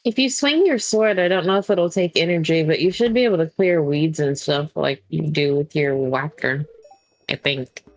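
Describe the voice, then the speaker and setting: A woman's voice: deep voice, normal speed, dry recording. A woman chats casually beside a friend's game, giving affectionate tips. Her voice sits dry and close, with no room sound. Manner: affectionate, advising. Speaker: co-player friend. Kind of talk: casual gameplay chat.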